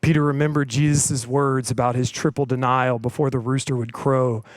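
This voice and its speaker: Preaching in a casual, chatty style, this man, a preacher and coach, keeps asking "right?" and retells stories by acting out the voices in them. He speaks at a normal speed with a medium pitch and steady tone, in a dry, rough recording.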